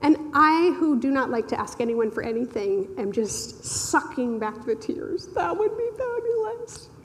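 A woman tells a heartfelt personal story, animated and quick to laugh. Her voice sits high and climbs higher when emotion catches it. The sound rings with the long reverb of a large hall. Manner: animated, laughing often, voice rising and cracking with emotion. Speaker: speaker sharing a personal testimony. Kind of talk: storytelling testimony.

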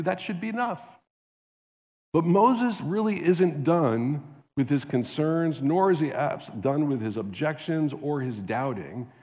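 A man's voice: a little high, unhurried, dark tone, long reverb tail, muffled recording. A man preaching a sermon as pastor, earnest and often restarting with repeated words.

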